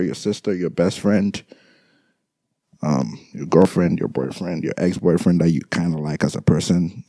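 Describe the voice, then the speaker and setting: A young man with a very low, mellow voice talks through his grief in a halting personal monologue. He stumbles and repeats his words and sounds like he is holding back tears. The sound is close and dry. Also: creaky, husky, no room sound. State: grieving, trying not to cry. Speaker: grieving brother addressing listeners.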